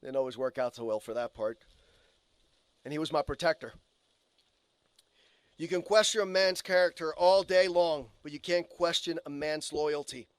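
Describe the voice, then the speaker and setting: Male eulogist, higher pitch, storytelling tone, dry recording. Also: moderate pace, long pauses, clear, resonant tone, no echo. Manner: earnest storytelling with quoted asides. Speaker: eulogy speaker, colleague. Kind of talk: memorial eulogy. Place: funeral home chapel.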